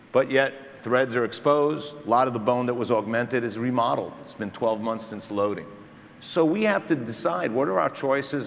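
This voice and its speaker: A man's voice: mid-range voice, slight background noise. Man lecturing in a reverberant hall. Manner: engaging storyteller, quizzes the audience. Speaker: implant surgeon lecturing dentists. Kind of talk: conference lecture to a live audience. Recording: reverberant hall, faint ambience.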